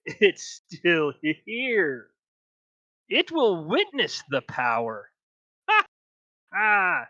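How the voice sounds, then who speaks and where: A game master voicing an evil spirit that cackles inside a character's head, with a shrill, gleeful laugh. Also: huge pitch swings, drawn-out words, vocal fry, bright, forceful tone, dry recording, lo-fi sound, exaggerated voice. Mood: gloating.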